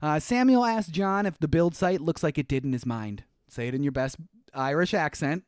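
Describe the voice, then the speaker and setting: A man's voice: fairly high pitch, normal speed, smooth, no room sound, studio quality. A man co-hosting a podcast, recapping a movie in casual chat, rambling and hunting for words, laughing often. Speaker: podcast co-host.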